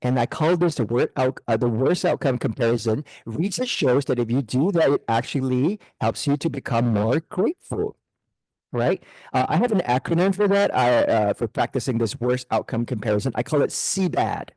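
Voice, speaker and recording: Man, middle-aged, guest speaker, lively pitch, chuckling, dry close sound. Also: moderate pace, no room sound, rough recording. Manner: animated, chuckling, self-deprecating. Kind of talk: motivational talk. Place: club meeting room.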